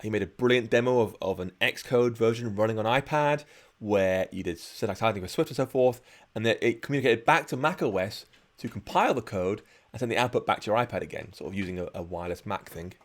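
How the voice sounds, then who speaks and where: A man's voice: lowish voice, fast talker. A man teaching programming on a live stream, chatting and explaining each step as he works. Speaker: programming instructor. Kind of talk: live-streamed coding tutorial.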